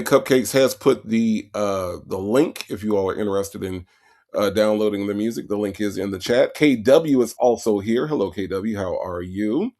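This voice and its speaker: Gravelly man greeting his livestream chat. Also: fairly low pitch, darkish tone. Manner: greets chat viewers by name, repeats hellos. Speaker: livestream host. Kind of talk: casual livestream shout-outs.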